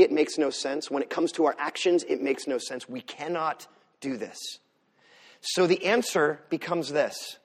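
A man preaching a sermon as pastor, swinging from loud emphatic lines to soft asides. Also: a little high, takes it slowly. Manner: animated preaching, rises loud for emphasis then drops soft.

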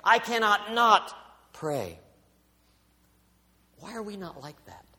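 Man preaching in a reverberant hall. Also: slow pace. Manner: expressive preaching with big swings in pitch and volume. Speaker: pastor. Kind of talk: sermon.

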